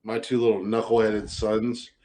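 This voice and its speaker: A man's voice: on the low side, little pitch movement, normal speed, a crowd in the background. Blunt, joking man on a podcast. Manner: blunt, joking, reads listener messages aloud. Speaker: podcast co-host. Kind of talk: casual chat.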